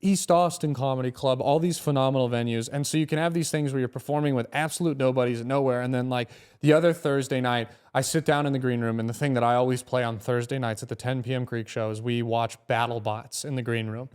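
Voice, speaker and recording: Animated young man telling comedy stories. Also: medium pitch, fast, few pauses, clean tone. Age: young adult. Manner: animated, swearing, acts out quotes. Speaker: guest comedian. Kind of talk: casual podcast storytelling.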